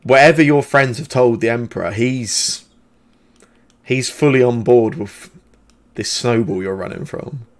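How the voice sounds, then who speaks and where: A man voicing a watchful woman ally who speaks in a measured, quietly reproachful way. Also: medium pitch, natural voice.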